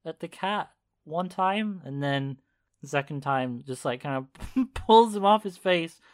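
A man's voice: fairly high pitch, expressive, measured pace. A man casually recapping a video on a podcast, rambling with fillers and laughing often. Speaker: podcast co-host. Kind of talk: casual chat.

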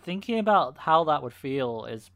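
Smooth-voiced man rambling through a recap. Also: a little high, sing-song, normal speed, a bit bright, muffled recording. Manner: rambling, laughing retelling with many fillers. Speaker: podcast co-host. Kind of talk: casual chat.

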